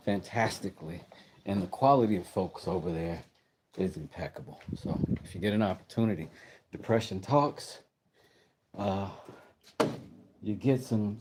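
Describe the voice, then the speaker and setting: Slow-talking man, low voice. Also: noisy background. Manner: rambling, chats with viewers while tinkering. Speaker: livestream host. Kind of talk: casual live chat while working. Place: home workshop.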